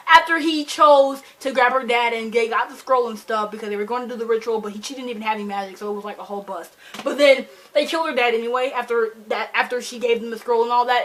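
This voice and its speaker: A young woman from Michigan, a book vlogger, casually rambling through a book review with animated, dramatic plot retelling and lots of fillers, recorded on a camera mic. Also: fairly high pitch. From Michigan, USA.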